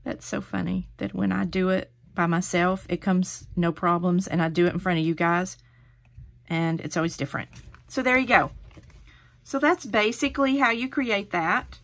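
A woman's voice: on the low side, steady tone, moderate pace, vocal fry. Host, female, middle-aged: chatty, encouraging craft demonstrator, step-by-step delivery.

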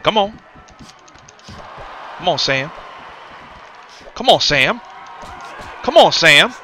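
A man's voice: sits high, big pitch swings, a little slow, pushed and bright, slight background noise, exaggerated voice. A man voicing a cocky heavyweight boxer, commentating a game in character with taunting, rhyming trash talk. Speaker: gaming commentator.

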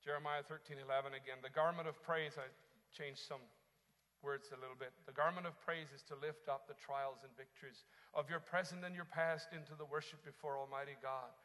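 A man preaching a sermon as pastor, moving from quiet teaching into impassioned shouting. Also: fairly high pitch, steady tone, fairly quick, long reverb tail.

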